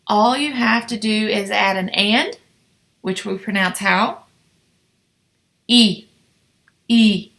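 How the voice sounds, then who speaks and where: A woman teaching Spanish numbers in a lesson, drilling the class with slow, encouraging repetition. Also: a little high, bright, forceful tone.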